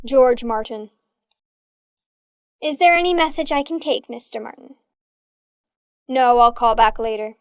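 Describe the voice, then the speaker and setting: Slow, high-voiced woman reading English dialogues. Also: no room sound, studio quality. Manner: slow, clear, evenly paced reading of both parts in short dialogues. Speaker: English teacher. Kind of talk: reading dialogues for listen-and-repeat practice.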